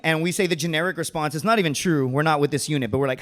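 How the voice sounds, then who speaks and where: A man's voice: fairly high pitch, fast. Casual man telling a story on stage. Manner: casual, animated, says dude and right a lot. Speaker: Marine veteran storyteller. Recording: long hall reverb.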